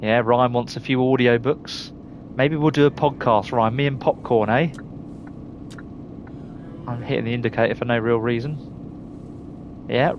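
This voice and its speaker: A man's voice: mid-range voice, steady tone, a little slow, long pauses, highs cut off. Man, Surrey accent, middle-aged, chatty streamer talking to viewers, faint hiss in the background. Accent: Surrey English. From England. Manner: chatty, reads out viewers' names and laughs often. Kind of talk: casual live-stream chat.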